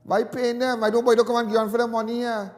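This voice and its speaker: A man's voice: very high voice, little pitch movement, quick pace, in a large hall. A Trinidadian man calling in to a talk show, ranting with passion and repeating his points indignantly. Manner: impassioned, repetitive, indignant. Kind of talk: call-in talk radio rant.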